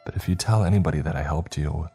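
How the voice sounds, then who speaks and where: A man voicing a frightened young woman, speaking in a hushed, urgent and shaky way. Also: very deep voice, fast, slightly rough, faint music behind, heavily acted. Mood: tense hushed.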